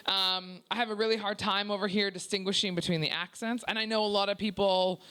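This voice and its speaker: A young Canadian woman with a Canadian accent doing a stand-up set in a small comedy club. She is loud and brash, swears freely and teases the crowd. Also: mid-range voice, steady tone, a little fast, clean tone. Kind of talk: stand-up set at a work-in-progress preview. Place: small comedy club before a live audience.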